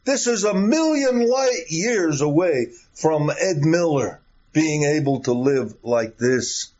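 A man's voice: on the high side, expressive, slow, a little mellow. A middle-aged or older man preaching a sermon emphatically. He asks rhetorical questions and repeats key phrases. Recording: dull lo-fi recording.

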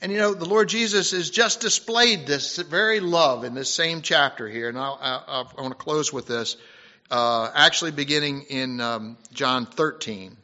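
A man preaching a sermon, swinging between loud, emphatic passages and soft, hushed ones, with halting restarts and fillers. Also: fairly high pitch. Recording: dull lo-fi recording.

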